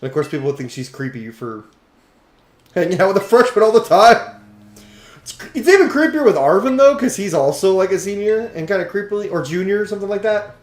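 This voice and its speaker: A man giving jokey, excitable commentary while playing a video game, now and then swearing. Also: sits high, brisk. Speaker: let's play host. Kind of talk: casual gameplay commentary. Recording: roomy echo, faint game music. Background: faint game music.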